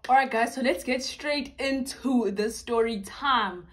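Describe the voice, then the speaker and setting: Bubbly young woman vlogging. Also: on the high side. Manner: bubbly and chatty, with drawn-out words. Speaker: YouTuber. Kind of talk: casual mukbang chat.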